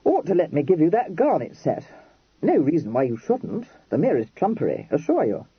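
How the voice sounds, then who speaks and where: A man playing a blunt young Regency dandy in an audiobook, clipping his slangy phrases short with a lively, up-and-down delivery. The voice sounds husky, in a dry, dull recording. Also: a little high, moderate pace, no room sound, full character voice.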